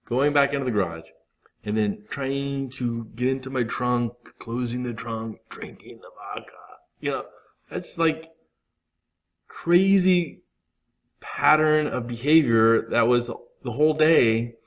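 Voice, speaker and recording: A man's voice: medium pitch, lively intonation, slow. A man in his thirties giving a candid, rambling talk to a recovery group, acting out his own asides. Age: 30s.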